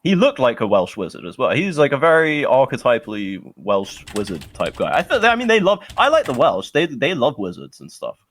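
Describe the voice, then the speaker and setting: A man's voice: mid-range voice, wildly swooping pitch, brisk, few pauses, fairly bright tone. A young British man co-hosting a podcast, chatting casually and ranting in an opinionated, sardonic, rambling way. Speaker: podcast co-host. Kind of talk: casual chat.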